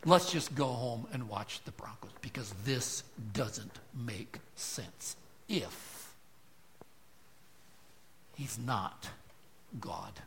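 A pastor preaching a sermon with emphatic rhetorical questions, his loudness swelling and dropping. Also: medium pitch, expressive, extremely slow, pauses often, slight background noise.

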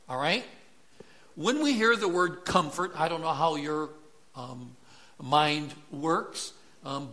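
A middle-aged pastor preaches a sermon conversationally, often checking in with tag questions like "right?". His voice sits on the high side with a sharp tone.

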